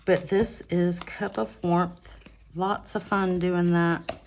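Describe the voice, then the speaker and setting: Slow, low-voiced woman showing her coloring. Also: creaky, a little hiss or hum. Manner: chatty and relaxed, with fillers and self-corrections. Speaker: adult coloring channel host. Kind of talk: casual show-and-tell of colored pages. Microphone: phone on an arm mount.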